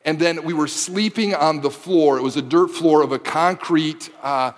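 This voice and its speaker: A man's voice: on the high side, moderate pace, in a large hall. A man in his forties from the Detroit area preaching a sermon, building to impassioned repeated phrases and mixing in casual asides to the audience. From Michigan, Detroit area. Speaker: pastor.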